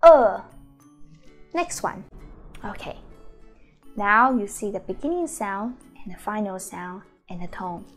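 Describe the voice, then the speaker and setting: A woman, the founder and teacher of a Mandarin school, giving a beginner lesson and sounding out each syllable slowly and repeatedly. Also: mid-range voice, expressive, bright, forceful tone, soft background music. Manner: slow, drawn-out model pronunciations with repeated syllables.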